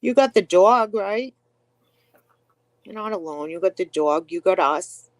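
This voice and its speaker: A co-host in casual chat, speaking haltingly with many fillers and restarts. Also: mid-range voice, lively intonation, no echo. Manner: halting, filler-heavy talk.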